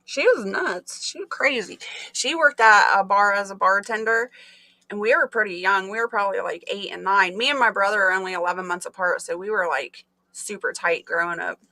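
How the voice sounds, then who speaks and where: Bright-voiced woman telling lively stories. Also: mid-range voice, brisk, no room sound. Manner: animated storyteller, laughs often. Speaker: livestream host. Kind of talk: casual chat.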